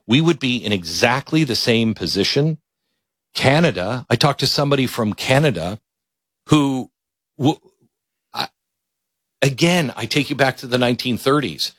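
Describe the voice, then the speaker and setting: A man's voice: mid-range voice, fairly bright tone, no echo. A man hosting a talk show, earnestly retelling conversations and sometimes searching for words. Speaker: talk radio host. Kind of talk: political monologue.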